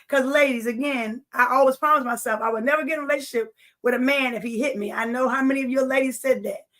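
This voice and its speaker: A woman's voice: high voice, fairly even intonation, fast, a bit bright. A woman giving a personal testimony to an audience, earnest, speaking to them directly and repeating phrases for emphasis.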